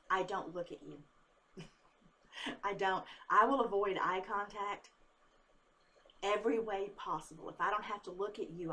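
A woman's voice: on the low side, a bit bright. Candid, tired woman psychic vlogging. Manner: rambling and candid, swears when angry, laughs often. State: tired after a workday. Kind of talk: casual talk to camera.

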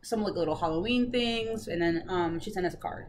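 A woman's voice: on the low side, brisk. A woman hosting a casual cross-stitch video chat, bubbly and chatty with many fillers. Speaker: Flosstube host.

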